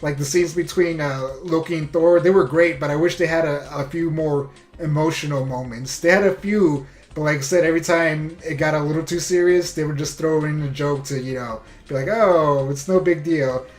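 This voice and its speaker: A man's voice: fairly high pitch, steady tone, brisk, few pauses. Chatty man reviewing a movie, echoey room. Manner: enthusiastic, full of "you know" and "like". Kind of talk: casual spoken review.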